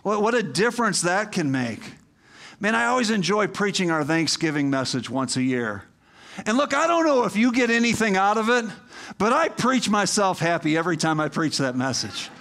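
A middle-aged male pastor delivers a sermon in a high, light voice. He talks to the congregation like a friend, with asides and questions, and builds up to emphatic, rousing appeals. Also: very animated, moderate pace, fairly bright tone.

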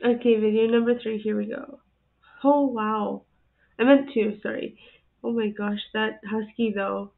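A woman's voice: on the high side, steady tone, normal speed. A woman hosting a reaction channel, chatting casually and giggling often as she comments. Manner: chatty and giggly, laughing often between remarks. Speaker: host of an animal video reaction channel. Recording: tinny phone-like sound.

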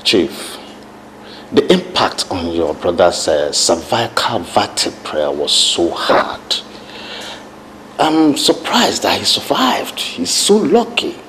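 An actor with a Nigerian accent playing a composed hospital doctor in a film drama, speaking in a measured, reassuring way with small hesitations. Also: male voice, deep voice, very animated, fairly bright tone, slight background noise, full character voice, rough recording.

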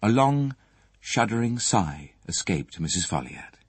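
A man narrating an audiobook in a calm, even storytelling manner. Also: on the low side, a little slow, breathy edge, dry recording. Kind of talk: scripted narration.

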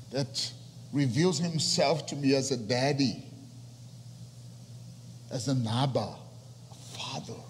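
A young man preaching a sermon with a fairly high voice that rings out in a big hall with a long reverb. He drops to hushed, almost whispered lines, then surges into loud, soaring passages. Faint ambient noise sits under the sound. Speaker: pastor.

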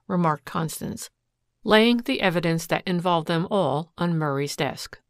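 A woman giving a steady scripted narration of a classic detective story. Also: on the low side, a little slow, no echo, clean studio sound. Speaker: audiobook narrator.

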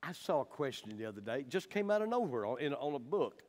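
A man's voice: medium pitch, big pitch swings, fast, a little mellow. A man teaching the Bible in a folksy, emphatic way, with personal stories.

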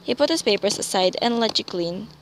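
A woman's voice: mid-range voice, animated, a little fast, a little hiss or hum, rough recording. A young woman casually reading fanfiction aloud, stumbling over words and adding amused asides. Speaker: fanfiction reader.

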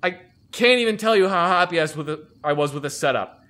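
Bright, animated veteran man storytelling. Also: sits high, fast talker. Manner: animated, profane, acts out quoted people. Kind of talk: casual storytelling chat.

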